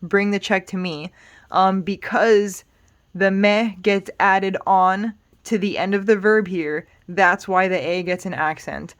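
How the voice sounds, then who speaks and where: A woman teaching Spanish grammar in a relaxed, explanatory way, patient and reassuring, thinking aloud with small fillers. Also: medium pitch, slow. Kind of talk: casual explanatory lesson.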